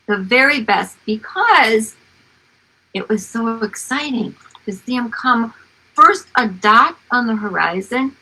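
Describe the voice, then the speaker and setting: An older woman, an author, reading aloud from her childhood memoir and chatting about it in an expressive storytelling manner. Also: fairly high pitch, creaky, husky, low-quality recording. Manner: slow, expressive storytelling with animated exclamations.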